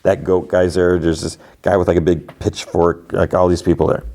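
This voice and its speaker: A man's voice: low-pitched, flat delivery, moderate pace, mellow. A man hosting a podcast, casually retelling a TV episode in a rambling way, full of "like" and acted-out quotes. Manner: rambling, heavy use of "like", acts out quotes. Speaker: podcast host. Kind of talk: casual movie and TV recap.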